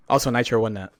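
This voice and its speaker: A man streaming, telling stories in animated, profane casual chat with frequent laughs. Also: mid-range voice. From United States. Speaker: streamer reacting to a video.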